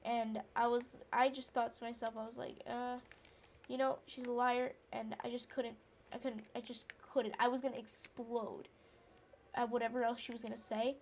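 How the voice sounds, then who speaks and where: A woman's voice: fairly high pitch, level tone, normal speed, a little hiss or hum. A woman rambling through an indignant personal story while playing a game, with lots of fillers and restarts. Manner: breaks off to react to the game. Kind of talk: casual storytelling chat.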